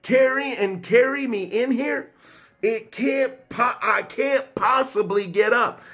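A man's voice: extremely high pitch, slow, bright, forceful tone, slightly rough, voice pushed up, heavily acted. A man voicing a bedridden paralyzed man who doubts he can get up, pleading and protesting.

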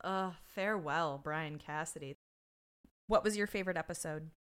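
Recapping a TV season on a podcast she co-hosts, this woman chats casually and cracks jokes, cursing without restraint. Her voice is low-pitched and smooth, her pace normal, her energy animated.

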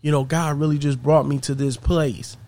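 A man voicing an anxious, doubtful mother, speaking low and subdued. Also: fairly even intonation, normal speed, mellow, lightly acted. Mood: worried.

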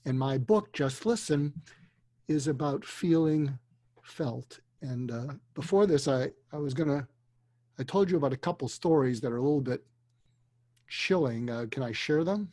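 Husky older man telling a story. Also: fairly high pitch, expressive, no echo. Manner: earnest, slow and deliberate, dropping to a hushed voice for emotional moments. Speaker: guest, psychiatrist. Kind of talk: storytelling in a conversation. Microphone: video call.

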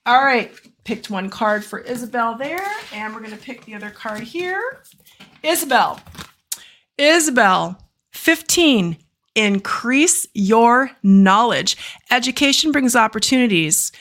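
A woman hosting a live stream, reading oracle cards and doing channeled healings, talking fast and effusively with rambling asides and exclamations. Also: a little high, lively intonation, a bit bright. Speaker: oracle card reader and energy healer. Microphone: live stream setup.

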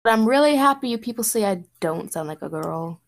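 Bubbly, protesting voice, fairly high, female. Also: no room sound. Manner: bubbly, animated and quick to protest. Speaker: friend in group voice chat. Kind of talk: casual chat.

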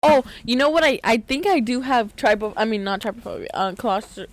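A woman's voice: fairly high pitch, expressive, fairly quick, low-quality recording. A woman co-hosting a casual podcast, talking animatedly and repeating phrases for emphasis. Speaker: podcast co-host. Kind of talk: casual chat.

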